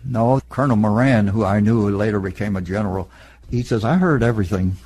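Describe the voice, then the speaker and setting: An elderly man in an oral history interview, recalling past events in a plain, matter-of-fact storytelling way with a husky voice. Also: fairly low pitch, fairly quick, darkish tone. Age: older. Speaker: interviewee, veteran.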